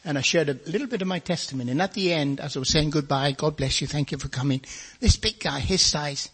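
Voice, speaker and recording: Husky older male preacher telling his story. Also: fairly high pitch, quick pace, a bit bright. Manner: storytelling, folksy, acts out voices of others. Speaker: preacher giving his testimony. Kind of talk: testimony sermon.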